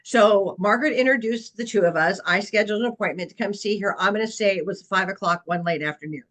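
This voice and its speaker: A woman real estate agent presents a webinar session, telling a long client story in an earnest, anecdotal way full of fillers. Her mid-range voice is a bit bright and fast, and the audio quality is poor.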